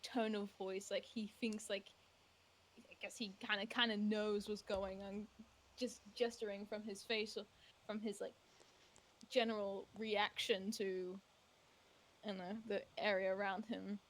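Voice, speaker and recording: A woman's voice: medium pitch, flat delivery, a little slow. A woman playing a tabletop game who describes her character at length, searching for words. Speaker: player. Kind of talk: casual tabletop game narration.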